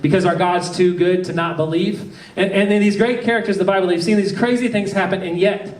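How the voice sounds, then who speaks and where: A man's voice: high voice, darkish tone. A man preaching a conversational sermon as a pastor, telling stories in a chatty way with many restarts. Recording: echoey room, distant mic.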